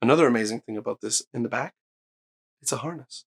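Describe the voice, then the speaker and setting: A man's voice: medium pitch, fast, vocal fry, slightly rough. A man hosting his own hi-fi channel, giving an enthusiastic, emphatic speaker review straight to camera. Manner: enthusiastic, emphatic, swears when excited. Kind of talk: excited gear review to camera.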